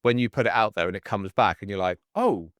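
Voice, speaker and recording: A man in his forties hosting a casual podcast chat, telling stories in an animated way and acting out the people in them. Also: on the low side, fast, no echo, clean studio sound. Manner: animated storyteller, acts out the voices in his stories. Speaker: podcast host and coach.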